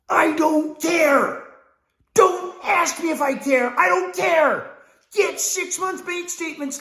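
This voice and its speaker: Blunt, profane man in an echoey room. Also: extremely high pitch. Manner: blunt, profane, acts out sales dialogue. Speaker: sales trainer. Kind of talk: profane motivational sales class.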